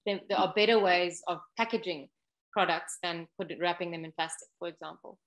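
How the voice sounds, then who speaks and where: A woman's voice: on the low side, fairly even intonation, brisk. A woman, a guest on an interview, earnestly explaining an ocean education program step by step.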